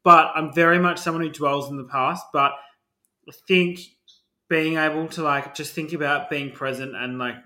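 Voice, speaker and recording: A man's voice: a little high, fairly even intonation, moderate pace, pushed and bright. A man co-hosting a casual podcast, speaking bluntly and swearing freely. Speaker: podcast co-host. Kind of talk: casual chat. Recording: roomy echo.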